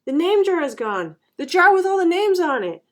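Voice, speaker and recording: A woman reading aloud and voicing an excitable young schoolboy who speaks loudly, with a raised pitch. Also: unhurried. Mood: excited. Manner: loud, excited.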